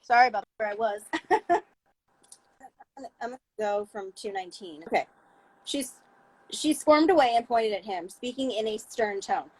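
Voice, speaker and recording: Higher-voiced woman reading aloud on a video call. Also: moderate pace, dull audio. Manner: plain reading with small slips and restarts. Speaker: book reader. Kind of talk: live-streamed book reading.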